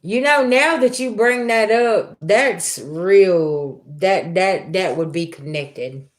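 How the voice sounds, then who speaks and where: A woman's voice: lowish voice, expressive, slow. A woman hosting a tarot reading livestream, chatting casually with her viewers and telling a story in a loose, colloquial way. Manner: chatty storyteller, talks back to chat, colloquial. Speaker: tarot reader livestream host.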